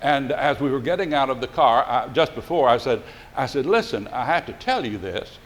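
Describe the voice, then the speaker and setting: A man's voice: mid-range voice, lively intonation, moderate pace. An older male pastor telling a folksy, rambling story in a sermon, with many fillers and restarts.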